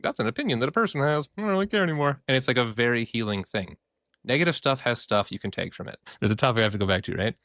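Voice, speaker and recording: A man who works as a therapist, hosting a casual podcast and talking in an animated, joking way. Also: fairly low pitch, no room sound, studio quality. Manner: animated, joking, acts out quoted voices.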